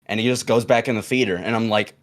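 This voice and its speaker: A man's voice: on the low side, steady tone, fast talker. A young man casually telling a long story on a podcast, rambling with fillers and restarts and acting out the quoted lines. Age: young adult.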